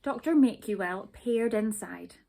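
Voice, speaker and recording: A woman reading a children's story aloud, gentle and expressive. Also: mid-range voice, measured pace, gravelly.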